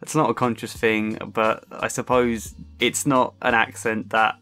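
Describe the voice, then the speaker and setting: A man from Suffolk with a faint English accent and only slight local traces, narrating a personal film video essay in a chatty, self-aware way with soft laughs and ums. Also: lowish voice, level tone, measured pace, clean tone, soft background music. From Suffolk, England. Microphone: close home microphone.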